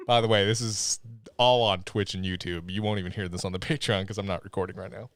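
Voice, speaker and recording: A man co-hosting a live podcast in casual chat, joking and animated, swearing freely. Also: fairly low pitch, fast, dry recording. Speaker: podcast co-host.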